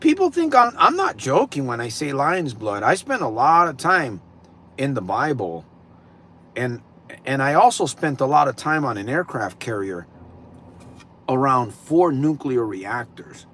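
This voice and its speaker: A man's voice: medium pitch, sing-song, unhurried, a bit bright, a little hiss or hum. A middle-aged man hosting a livestream in casual, rambling talk, repeating himself for emphasis. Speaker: livestream host.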